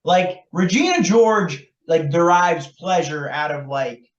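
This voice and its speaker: A man's voice: on the high side, lively intonation, slow. A man co-hosting a podcast, chatting loosely about a film with lots of fillers and laughs. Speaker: podcast co-host. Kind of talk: casual chat about a film. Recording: roomy, distant, dull lo-fi sound.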